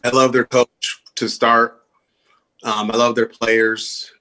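Man, podcast co-host, casual sports chat, bright clear tone, opinionated, filler-heavy. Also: mid-range voice, little pitch movement, slow. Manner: opinionated, repeats "I think", many fillers.

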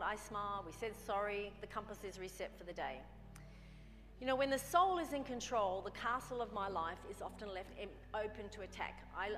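A woman's voice: mid-range voice, bright, forceful tone, big-room sound. A woman preaching a sermon in a conversational way, often acting out little dialogues with herself. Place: church hall.

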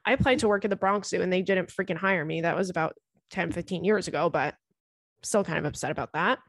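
A woman, hosting a podcast and reading listener stories aloud in an animated, swearing, laughing way. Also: on the low side, quick pace, no room sound, studio quality. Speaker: podcast host.

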